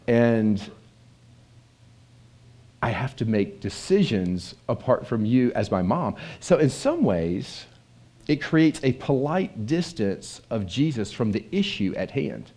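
In a medium-pitched voice, a man preaches slowly and pauses often. His sermon is animated and conversational, with regular questions directed at the listeners.

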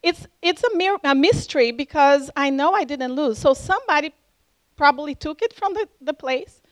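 A woman with a non-native English accent tells her testimony in an animated way, jumping up in pitch as she acts out what people said. Her voice sits high, and the recording is close and dry with no room sound. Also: normal speed, dry recording, poor audio. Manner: animated, acts out dialogue with lively pitch jumps. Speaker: church member giving a testimony. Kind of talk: storytelling testimony.

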